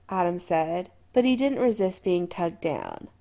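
A woman reading a story aloud as a fan audiobook narrator, in a slow, soft, even manner. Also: fairly low pitch, vocal fry. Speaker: podfic reader.

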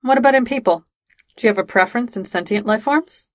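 A woman reading aloud, voicing an eager, chatty young man who asks lively, casual questions. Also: a little high, fast, no echo, lightly acted. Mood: curious.

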